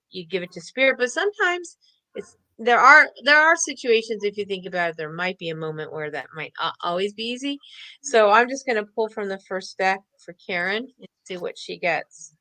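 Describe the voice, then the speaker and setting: A woman's voice: medium pitch, sharp tone, no room sound, rough recording. A woman co-hosting an online show, chatting casually and upbeat while pulling cards and laughing often. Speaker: co-host doing card readings.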